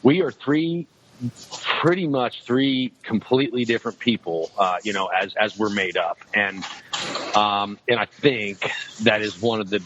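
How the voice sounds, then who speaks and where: On a podcast, a male guest chats casually about his outdoor show, rambling along with frequent restarts and plenty of "you know" and "um." His voice runs on the low side at a measured pace. The lo-fi recording sounds slightly dull, with faint noise underneath.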